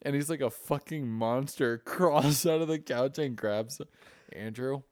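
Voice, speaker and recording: A man's voice: mid-range voice, unhurried, dry recording, clean studio sound. A young man co-hosting a podcast, telling rambling stories in casual chat with plenty of swearing. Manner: profane, rambling storytelling. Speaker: podcast co-host.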